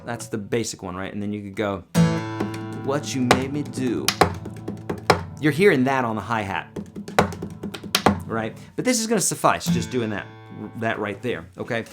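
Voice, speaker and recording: A man's voice: lowish voice, big pitch swings, normal speed. A man teaching a song on guitar in a live stream, talking casually and breaking into sung lines. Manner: casual, chatty explaining with sung demo lines. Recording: loud guitar playing behind voice.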